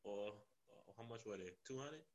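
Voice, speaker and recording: A man's voice: fairly low pitch, moderate pace, darkish tone. A man co-hosting a podcast in casual chat, laid-back, often repeating himself as he talks. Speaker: podcast co-host.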